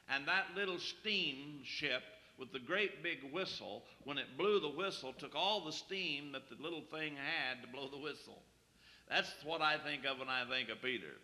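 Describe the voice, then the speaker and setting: Man preacher, very bright tone, reading old scripture then explaining, echoing hall. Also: fairly high pitch. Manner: reads King James scripture aloud, then explains it plainly.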